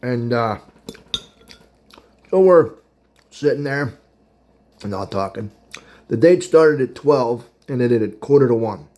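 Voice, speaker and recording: This is casual storytelling from a Pittsburgh-area podcast host in his thirties, who chats and rambles about his old dating life while eating and chuckling at his own tale. He speaks slowly with long pauses, in an animated, mid-range voice with a dark tone.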